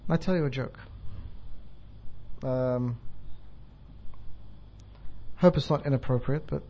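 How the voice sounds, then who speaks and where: A bishop gives a sermon in a chatty, self-deprecating manner, telling a joke and laughing along with it. His medium-pitched voice is slow and dark, captured on a dull lo-fi recording.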